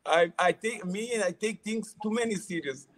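High-voiced man in halting English. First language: not English. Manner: halting non-native English, repeats words, frequent laughs. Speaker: former footballer, interview guest. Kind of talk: casual storytelling interview.

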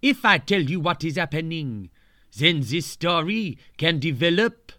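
A man's voice: fairly high pitch, big pitch swings, unhurried, bright, forceful tone, no room sound, clean studio sound, heavily acted. A man voicing a grumpy old French storyteller who gloats and cackles like a storybook villain. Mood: gloating.

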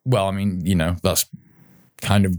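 A man's voice: low-pitched, steady tone, normal speed, dry recording, studio quality. A British man co-hosting a casual podcast, rambling with many restarts and casual swearing, a bit bunged up. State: bunged up and sneezy. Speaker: podcast co-host.

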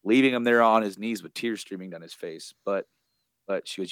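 Low-voiced man recapping a comic. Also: moderate pace, fairly bright tone, dry recording. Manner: rambling retelling with many fillers and restarts. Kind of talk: casual comic book recap.

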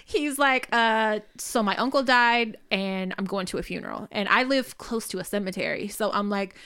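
A woman's voice: medium pitch, moderate pace, bright, forceful tone, clean tone. A woman, a podcast co-host telling a story in casual, profane chat and acting out the dialogue.

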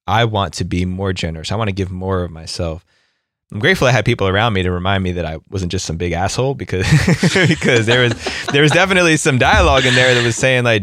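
A podcast host chats casually and reflectively, talking things through and often adding "right?". His voice is fairly low and a bit bright, his pace quick, and the studio sound is clean with no echo.

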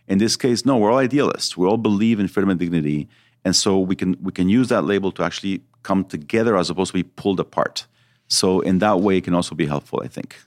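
A man's voice: sits low, fast talker, dry recording, studio quality. A man talking as a podcast guest, earnest and reflective, explaining ideas with examples. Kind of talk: podcast interview.

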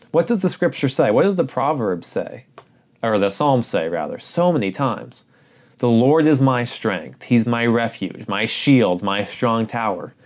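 A man's voice: mid-range voice, expressive, unhurried. A man preaching a sermon, earnest and urgent, repeating phrases for emphasis.

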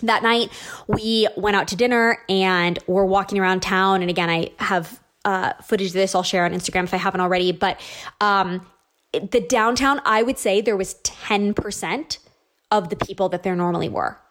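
A woman's voice: mid-range voice, moderate pace. Chatty woman telling a travel story. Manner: chatty, animated, lots of likes and ums. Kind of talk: casual storytelling monologue.

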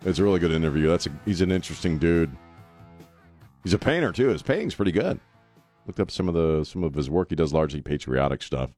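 A man's voice: sits low, lively intonation, fast, darkish tone, soft background music. A man hosting a talk radio show, blunt and joking, laughing often. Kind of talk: casual talk radio banter. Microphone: studio microphone.

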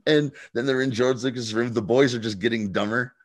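A man's voice: mid-range voice, fairly even intonation, brisk. A man co-hosting a podcast in casual chat, laughing often, swearing and acting out quoted lines. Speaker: podcast co-host.

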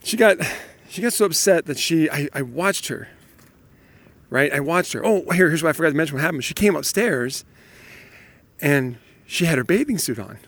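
A man in his thirties or forties, a father telling parenting stories in a casual, animated monologue and laughing often. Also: on the high side, moderate pace.

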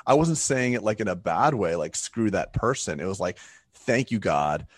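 A man with a fairly low voice chats casually on a podcast, telling stories with animation and slipping into the voices of the people he quotes. The sound is dry and close, with little room behind it. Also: animated, moderate pace, breathy edge, dry recording. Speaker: podcast co-host.

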